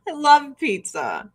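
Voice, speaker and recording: A woman with a fairly high voice, ranting casually and swearing freely. She is sarcastic, laughs through her own points and speaks bluntly. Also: background noise. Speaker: podcast host.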